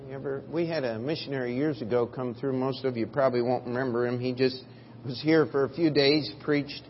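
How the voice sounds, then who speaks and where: A man preaching a sermon in a church, telling a story and moving between quiet, drawn-out phrases and loud, emphatic bursts. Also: medium pitch, slight background noise. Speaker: pastor. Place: church sanctuary. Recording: dull audio in a reverberant hall.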